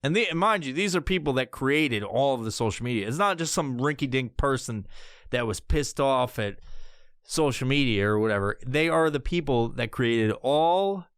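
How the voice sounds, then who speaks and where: A young adult man hosting a podcast, ranting casually and profanely, often jumping into squeaky high voices for bits. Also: lively intonation, normal speed, smooth, no room sound, studio quality. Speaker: podcast host. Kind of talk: casual comedic podcast rant.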